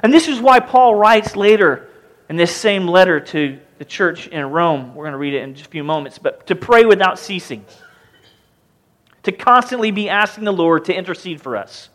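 A young adult man, a pastor, preaching a conversational, jokey sermon that jumps from quiet asides to loud outbursts. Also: high voice, expressive, moderate pace.

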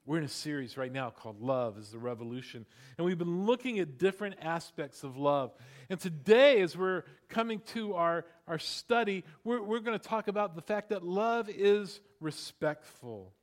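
A middle-aged man preaching a sermon in a lively, conversational way, with frequent asides to the congregation. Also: on the high side, moderate pace. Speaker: pastor. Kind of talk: sermon with storytelling.

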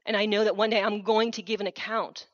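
A woman's voice: mid-range voice, flat delivery, quick pace, dry recording, muffled recording. A woman missionary preaching a sermon in a church, making an urgent, earnest appeal with repeated phrases. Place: church hall.

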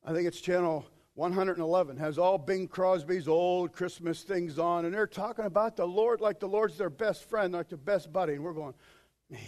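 A man preaching a sermon as pastor, swinging from shouted quotes to quiet asides. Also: high-pitched, normal speed.

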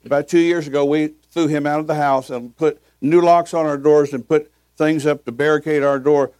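A man's voice: a little high, steady tone, moderate pace, darkish tone, no room sound. An older man preaching as a pastor, telling folksy stories and chuckling between them. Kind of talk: sermon with storytelling.

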